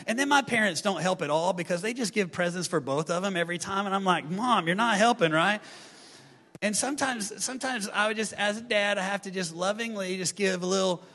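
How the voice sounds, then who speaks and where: High-voiced, bright-toned male pastor preaching. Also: fast, hardly any pauses. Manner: animated, playful asides to the congregation. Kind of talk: sermon. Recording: long hall reverb, faint music behind.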